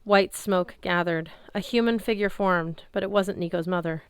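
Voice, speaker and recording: A woman's voice: on the low side, normal speed, smooth, no room sound, clean studio sound. Woman reading a story aloud. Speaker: audiobook reader. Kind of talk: first-person story narration.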